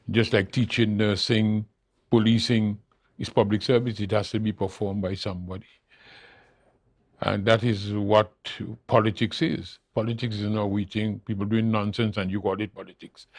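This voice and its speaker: An older man, a political leader, appears as a guest on a studio talk show, his voice on the low side. He speaks emphatically and repeats key phrases to press his points. The sound is clean studio audio with no room sound.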